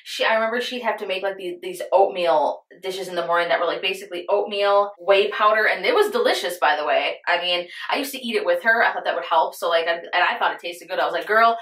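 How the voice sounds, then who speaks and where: A woman's voice: lowish voice, quick pace, few pauses, fairly bright tone. Chatty young woman vlogger, roomy room. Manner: chatty, addresses viewers as "you guys"; earnest, serious storytelling voice. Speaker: beauty vlogger. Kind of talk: chatty get-ready-with-me storytelling.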